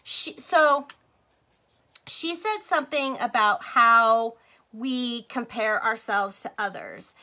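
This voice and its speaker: A woman's voice: a little high, slow, pushed and bright. A middle-aged woman chatting casually with livestream viewers while she crafts, rambling, laughing and drifting off topic. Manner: talks to viewers as "you guys" and "y'all".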